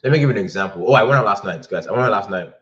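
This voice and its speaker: A man's voice: on the low side, lively intonation, rapid-fire, fairly bright tone, lo-fi sound. A man hosting a casual livestream, telling dating stories in a blunt, profane way. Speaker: livestream host giving dating advice.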